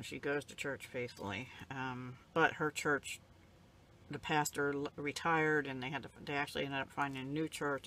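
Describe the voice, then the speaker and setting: A woman's voice: low voice, a little hiss or hum. A woman, older, casually showing off craft supplies she got in the mail, rambling and gushing, emotional and close to tears at times. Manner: rambling, soft-spoken, emotional, near tears. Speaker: crafting vlogger. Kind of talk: casual show-and-tell.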